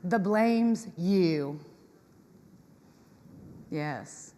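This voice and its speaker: A woman giving a lively talk to an audience, acting out customers in quoted voices. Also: on the high side, moderate pace. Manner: animated, acts out tenants in quoted voices. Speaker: conference speaker on property management. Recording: reverberant hall.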